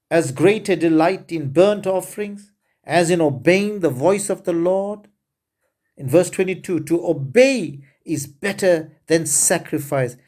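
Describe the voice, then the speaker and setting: A male preacher delivering a sermon at an unhurried pace. His voice sits slightly higher than most men's, and he leans on key words with earnest emphasis, calling his listeners beloved. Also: a little mellow.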